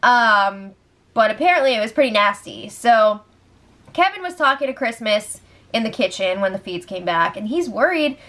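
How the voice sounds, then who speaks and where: A woman's voice: fairly high pitch, expressive, moderate pace, fairly bright tone. A woman hosting a casual reality show recap, blunt and often swearing.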